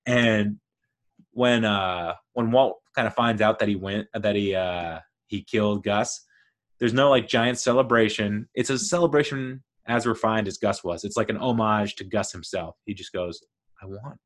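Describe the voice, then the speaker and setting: Male podcast host, fairly low voice, excitable and rambling solo talk. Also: moderate pace. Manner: enthusiastic, rambling, lively storytelling.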